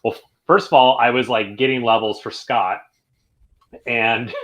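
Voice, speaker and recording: A man, a band member guest on a podcast, telling a studio story in a halting, rambling way full of restarts. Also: medium pitch, fairly even intonation, a bit bright, low-quality recording. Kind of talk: casual interview chat.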